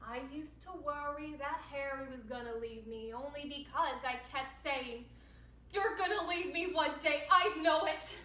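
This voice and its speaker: Over video from a room at home, a late-teen woman performs a stage monologue as a caring, chatty sister, tender in mood and sprinkled with wry, self-mocking asides. Her voice is high with a sharp tone and a measured pace. The distant mic makes the room echoey, with slight background noise.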